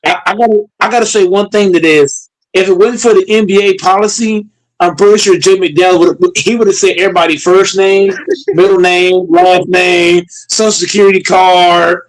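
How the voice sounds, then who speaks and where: A young man chatting casually about basketball, animated and profane, laughing as he trash-talks. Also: sits high, normal speed, low-quality recording. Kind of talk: casual sports banter.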